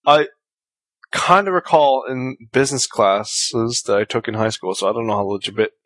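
A man co-hosting a relaxed podcast, speaking at a typical middle pitch for a man. He explains his points earnestly and thoughtfully. He laughs easily as he talks. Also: moderate pace. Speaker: podcast co-host. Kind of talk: casual comedic chat.

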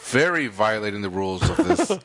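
A man's voice: lowish voice, moderate pace, no room sound. A man co-hosting a podcast, chatting casually and teasing his co-host with jokes. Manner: joking, teasing, animated. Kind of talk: casual chat.

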